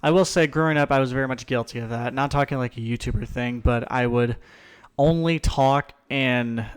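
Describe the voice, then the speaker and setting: Podcast host, young man, smooth clear voice, animated storyteller. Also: medium pitch. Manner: animated storyteller, quick asides. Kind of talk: casual podcast chat.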